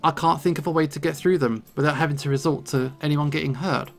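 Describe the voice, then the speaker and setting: A man's voice: on the high side, steady tone, quick pace, gravelly, hardly any pauses, soft background music. A man hosting a let's play, commenting in a playful, jokey way and reading game dialogue. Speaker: gaming channel host.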